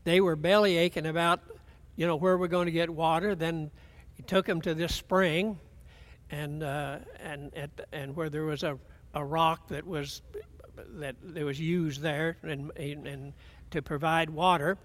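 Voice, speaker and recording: A man's voice: on the high side, fairly even intonation, a little slow, a bit bright. An older man preaching a folksy, rambling sermon, often restarting his sentences.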